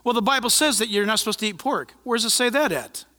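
A man preaching in a church, his bright voice swinging up and down as he talks. He keeps it conversational and animated, with joking asides. The sound rings with a long hall reverb. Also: high voice, quick pace. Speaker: pastor. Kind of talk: sermon.

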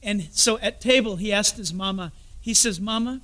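A man preaching a sermon as pastor, telling a story and dropping into soft, confiding asides. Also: sits high, normal speed.

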